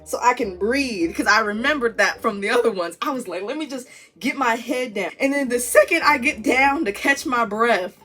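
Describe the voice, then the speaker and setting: Young woman, vlog storyteller, bright voice, swings high and low in pitch, acts out every voice, faint music behind. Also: normal speed. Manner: animated storytelling, acting out voices. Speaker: vlogger.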